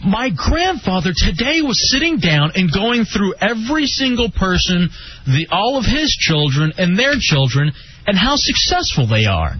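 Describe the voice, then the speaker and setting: A man's voice: high-pitched, very animated, moderate pace, husky. A man hosting a casual radio show, joking and laughing often and mocking himself. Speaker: radio host. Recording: dull lo-fi radio recording.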